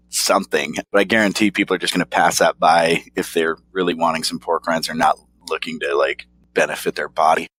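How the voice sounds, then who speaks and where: Low-voiced laid-back man. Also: a bit bright, no echo. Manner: laid-back, rambling, chuckles often. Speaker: podcast co-host reviewing snacks. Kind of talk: casual chat.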